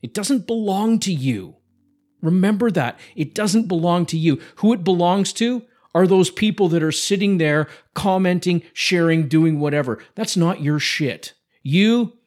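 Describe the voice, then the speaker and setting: A man's voice: a little high, darkish tone. A man hosting a podcast, giving a blunt motivational pep talk full of swearing. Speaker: podcast host. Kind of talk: motivational monologue.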